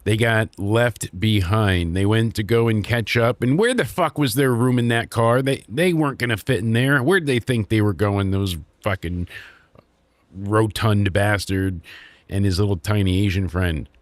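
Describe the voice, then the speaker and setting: A man's voice: lowish voice, measured pace, dry recording. A young man hosting a casual wrestling review podcast, recapping with crude sarcasm and acting out quotes.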